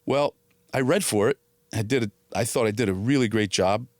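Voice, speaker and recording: A man's voice: on the low side, a little fast, darkish tone, no echo, studio quality. A middle-aged man, an actor, telling stories in a casual interview. He acts out quoted dialogue as he goes, restarts often and swears casually.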